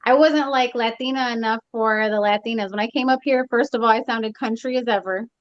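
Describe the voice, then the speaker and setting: A woman's voice: fairly high pitch, fairly quick, muffled recording. A woman from Texas in a casual discussion, telling her story frankly and bluntly.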